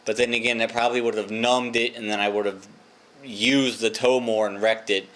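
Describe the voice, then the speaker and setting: A man's voice: lowish voice, little pitch movement, moderate pace, a bit bright. A young man telling a rambling, profane, self-mocking story in a casual vlog. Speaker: vlogger.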